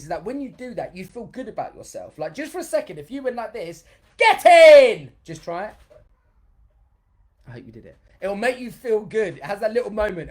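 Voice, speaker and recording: A man, a dance educator hosting a live-streamed motivational workshop, chatty and energetic, reading viewer comments aloud as he goes. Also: a little high. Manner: bursts into loud cheers for emphasis.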